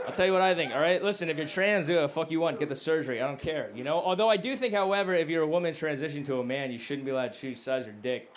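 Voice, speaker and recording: A male stand-up comedian doing a crude, self-mocking set, dropping to low mumbles and then bursting out loud. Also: rapid-fire, hardly any pauses. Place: comedy club stage. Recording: live club recording with noticeable background noise. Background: audience laughter.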